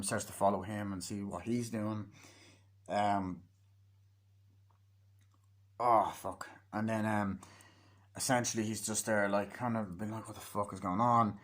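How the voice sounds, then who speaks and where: Young guy rambling thru a movie review, swears a ton, acts out the scenes. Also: on the low side.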